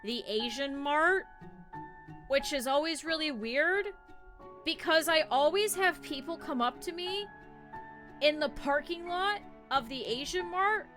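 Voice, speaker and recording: A woman streamer telling stories to her chat in a casual way. She is animated, laughs often and swears casually. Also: high voice, measured pace. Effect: cartoon avatar streamer, talking over game music.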